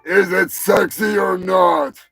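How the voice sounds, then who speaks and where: A man hosts a comedy news segment in a crude, sarcastic rant, dropping swear words as he goes. His voice sits a little high and he takes his time over each line. Music plays clearly underneath him. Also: fairly even intonation, slow pace, a bit bright, shouting. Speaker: show host.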